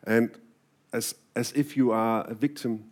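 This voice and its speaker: A man interviewing an author, asking questions in slow, deliberate phrases. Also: mid-range voice, steady tone, darkish tone.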